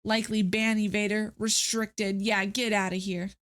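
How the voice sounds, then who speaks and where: A woman's voice: mid-range voice, little pitch movement, moderate pace, a bit bright. A young woman streamer chatting casually to her viewers, ranting with dramatic, exasperated outbursts. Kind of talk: casual live-stream chat.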